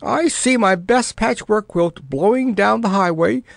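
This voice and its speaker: A man's voice: on the high side, big pitch swings, slow, dry recording, clean studio sound, pitched above the performer's own voice, heavily acted. A man voicing an anxious middle-aged queen who has become a seamstress, talking breathlessly with a moan. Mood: alarmed. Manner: breathless, moaning. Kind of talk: audiobook character voice.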